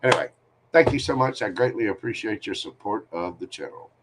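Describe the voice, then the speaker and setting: A man's voice: on the low side, animated, a little fast, background noise. A man hosting a live tarot reading stream, giving candid, joking, rambling advice. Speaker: tarot reader host.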